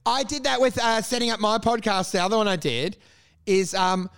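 A man with a notably high voice talks on a casual podcast, excitable and profane. He laughs often and loudly acts out imagined conversations. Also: a little fast, clear, resonant tone. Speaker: podcast host.

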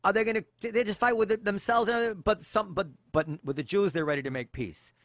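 A man in a casual comedy chat, pushing an argument with rapid stumbling restarts. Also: sits high, a bit bright, no room sound, studio quality.

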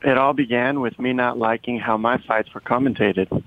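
A man's voice: medium pitch, fairly even intonation, normal speed, no echo. A man speaks over a dull, dry remote line as a podcast guest. He explains himself in an earnest, precise way and holds his ground on each point. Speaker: guest, fighter and commentator. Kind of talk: interview conversation.

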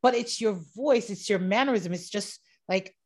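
A woman co-hosting a casual chat, lively and quick to laugh, often asking follow-up questions. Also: mid-range voice.

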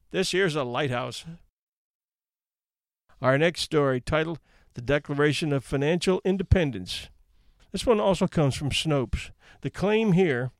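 A man's voice: a little high, no echo, clean studio sound. A man reading out anecdotes in a wry, conversational storytelling manner. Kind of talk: casual read-aloud narration.

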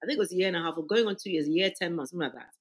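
A woman guest with a husky voice, telling her faith story in an interview with fervent, emphatic energy. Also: lowish voice, racing, poor audio. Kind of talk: faith testimony in podcast interview.

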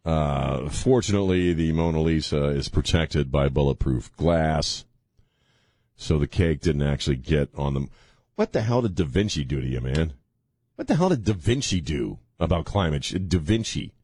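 Male talk radio host, deep and husky, mocking and full of laughs. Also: lively intonation, normal speed, a little mellow, no echo, clean studio sound. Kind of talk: casual radio banter.

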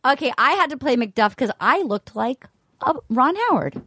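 High-voiced, rambling woman host. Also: moderate pace. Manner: rambling, excitable, jokey. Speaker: podcast host. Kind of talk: casual chat.

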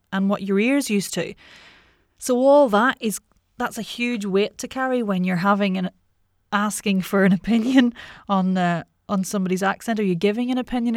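A woman's voice: mid-range voice, dry recording, clean studio sound. A woman guest who coaches accents, talking casually and frankly, thinking aloud as she goes. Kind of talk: casual interview talk.

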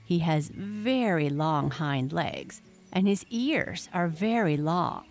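A woman's voice: deep voice, sing-song, slow, faint music behind, heavily acted. A woman voicing an earnest young male rabbit pupil who recites carefully. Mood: reciting.

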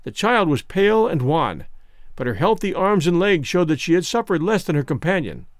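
A man narrating a story audiobook in a measured, expressive way. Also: a little high, no echo, studio quality.

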